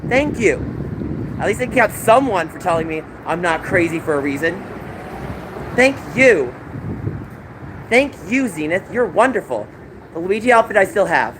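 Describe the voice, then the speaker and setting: A man's voice: high voice, very animated, moderate pace, pauses often. An exhausted man hosting a live stream, venting emotionally and apologizing to his chat. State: tearful. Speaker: livestream host. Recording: loud outdoor background noise.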